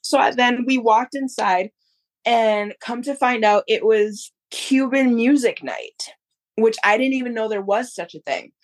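A woman in her thirties, a podcast guest, telling a story in a casual, animated way. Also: a little high, a little slow. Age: 30s. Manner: animated, acts out others' voices in quotes.

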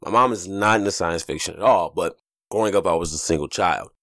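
A man hosting a casual podcast, talking loosely and profanely, telling stories and jumping into high joking voices, while getting over a stomach flu. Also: fairly quick, no room sound, clean studio sound. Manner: loose, profane, animated storytelling with sudden high jokey voices. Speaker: podcast host. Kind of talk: casual solo podcast monologue.

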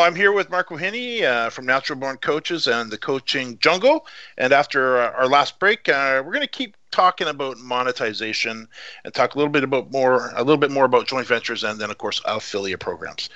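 A man's voice: mid-range voice, expressive, fairly quick, sharp tone, no echo. A man hosting a radio interview, talking in an enthusiastic, conversational way. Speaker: radio show host. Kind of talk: casual interview talk. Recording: dry, lo-fi sound.

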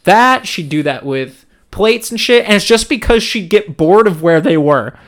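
A young man co-hosting a casual podcast, telling a funny story in a lively way and acting out what people said. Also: high-pitched, moderate pace. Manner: laughing, lively storyteller who acts out quotes. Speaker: podcast co-host.

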